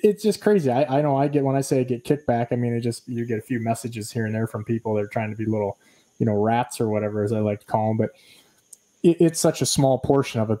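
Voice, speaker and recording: A man hosting a podcast with a mellow, warm tone at an ordinary pitch. He chats in a laid-back, jokey way and ribs his guest. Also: poor audio. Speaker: podcast host. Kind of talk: casual interview chat.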